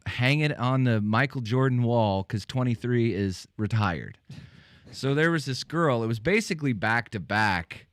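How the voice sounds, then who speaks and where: A man's voice: fairly low pitch, no room sound, studio quality. A man hosting a podcast, telling casual rambling anecdotes full of fillers and restarts. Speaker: podcast host. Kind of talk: casual chat, storytelling.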